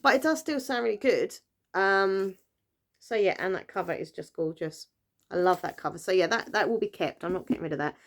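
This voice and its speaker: A British woman talks casually to her camera, rambling and correcting herself as she goes. Her voice sits at an ordinary middle pitch, and her relaxed chat is full of little fillers. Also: brisk. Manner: chatty, rambling, lots of fillers and self-corrections. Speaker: book vlogger.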